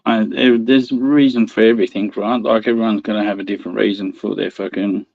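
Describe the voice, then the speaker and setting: A man in a casual chat who talks haltingly, swears a lot and laughs often. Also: on the low side, level tone, vocal fry, dry recording, dull audio. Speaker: guest.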